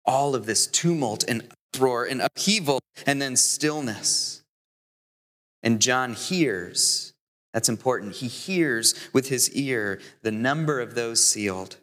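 A man preaching a sermon as deacon, earnest, building to emphatic peaks and slowing on key phrases. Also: mid-range voice, animated, a bit bright. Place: church. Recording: long hall reverb.

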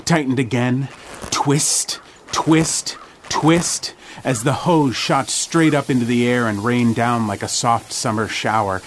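A male podcast host giving measured, dramatic narration of a scary story. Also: mid-range voice, steady tone, slight background noise. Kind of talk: scripted horror story narration.

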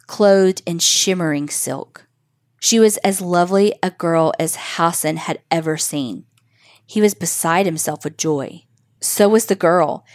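Woman storyteller, lowish voice, dry close sound, children's tale. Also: dry recording. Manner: measured, expressive storytelling. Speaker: narrator. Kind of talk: reading a children's story aloud.

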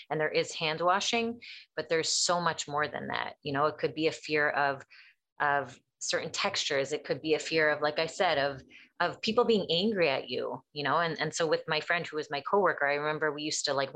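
A woman therapist explaining things in casual chat, acting out quoted dialogue as she tells stories. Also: deep voice. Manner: animated storyteller acting out quotes.

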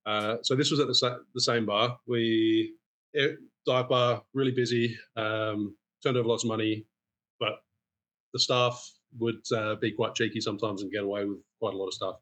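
A man telling stories as a podcast guest, animated and acting out quoted dialogue. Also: on the low side, normal speed. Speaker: guest bartender. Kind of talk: casual storytelling.

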